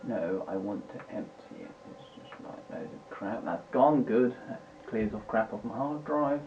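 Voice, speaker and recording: A British man vlogging from his home computer delivers an unscripted, swearing, rambling political rant full of agitation. His lowish, dark voice is animated and moves at normal speed. A faint hiss runs under the tinny lo-fi mic.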